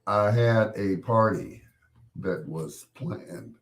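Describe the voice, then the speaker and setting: A deep-voiced man hosts a live stream, chatting loosely and joking as he talks straight to his viewers. He is middle-aged and still getting his voice back after being ill, and his talk wanders from one aside to the next. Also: slow. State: recovering from losing his voice. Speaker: host of a live stream show. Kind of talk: casual chat with live viewers.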